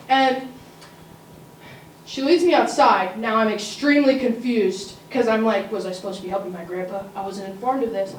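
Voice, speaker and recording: A teenage girl telling a funny personal story at a live school story slam, with comic asides to the audience. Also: medium pitch. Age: teens. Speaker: student storyteller. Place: school auditorium. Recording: roomy, distant mic, faint noise.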